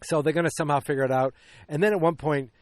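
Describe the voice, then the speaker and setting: A man's voice: fairly high pitch, fairly even intonation, very fast, no echo. Rambling man recapping a film, dry sound. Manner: rambling, many restarts, acts out quotes. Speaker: podcast host. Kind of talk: casual movie recap.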